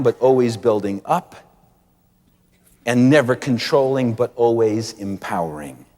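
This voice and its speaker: Animated male preacher in an echoing hall. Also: medium pitch. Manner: animated, acts out quoted voices, stretches key words. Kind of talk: sermon.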